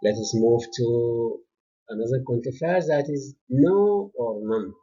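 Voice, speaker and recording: Slow, halting Sudanese male lecturer. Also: mid-range voice, dark tone. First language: Arabic. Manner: slow, halting, many "uh" fillers, repeats points for emphasis. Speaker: university lecturer. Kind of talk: recorded grammar lecture. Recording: dull lo-fi lecture recording.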